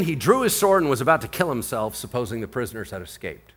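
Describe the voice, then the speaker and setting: A male pastor preaching with animated, conversational energy. His voice is bright and forceful, and it swings widely up and down as he throws out rhetorical questions. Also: medium pitch, fast talker, hardly any pauses, husky. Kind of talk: sermon.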